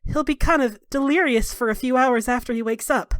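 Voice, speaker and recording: A woman doing a caring female companion, soft, hesitant, reassuring, dry sound. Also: high voice, brisk, no echo, voice pushed up, close to an everyday voice. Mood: gentle. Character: gentle young woman spirit companion, caring.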